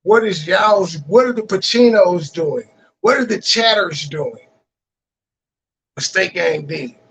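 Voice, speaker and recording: A man's voice: high-pitched, animated, takes it slowly, fairly bright tone, breathy edge, low-quality recording. Combative profane man on a livestream. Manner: combative, profane, calling out rivals. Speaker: livestream host. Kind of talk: heated livestream call-in talk.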